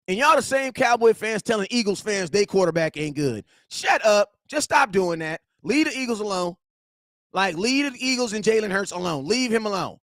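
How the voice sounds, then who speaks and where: High-voiced man ranting loudly. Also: normal speed, dry recording, clean studio sound. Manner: animated ranting, slangy, often shouting. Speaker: sports fan show host. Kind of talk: heated fan reaction livestream.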